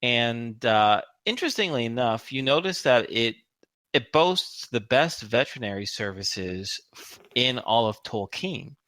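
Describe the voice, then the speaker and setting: A man's voice: mid-range voice, animated, a little slow, sharp tone, no room sound. A man running a tabletop game as game master, narrating the scene and teasing his player with laughs. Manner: playful, teasing, laughs often.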